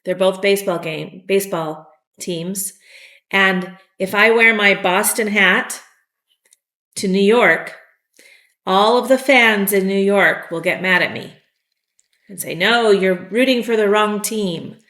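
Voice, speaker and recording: Slow, patient woman teaching English. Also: mid-range voice, bright, forceful tone, roomy sound. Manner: slow, patient explaining with fillers. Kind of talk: vocabulary lesson.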